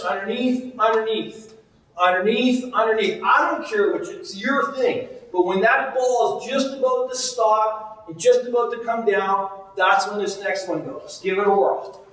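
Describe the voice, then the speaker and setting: A man coaching goalies through a juggling drill, calling out repeated cues with steady energy. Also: very high-pitched. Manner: energetic, repetitive cueing. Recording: very echoey, distant mic.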